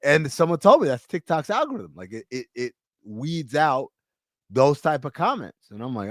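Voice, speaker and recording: This podcast host, a man with a fairly high pitch, speaks at a moderate pace with no room sound. He chats casually, telling animated stories and acting out quoted lines.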